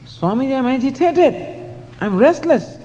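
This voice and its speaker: A man's voice: very high-pitched, animated, normal speed, warm tone, slight background noise, pitched above the performer's own voice. A man voicing a restless, agitated disciple who insists and pleads with his teacher, in a dull recording with hall reverb. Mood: pleading.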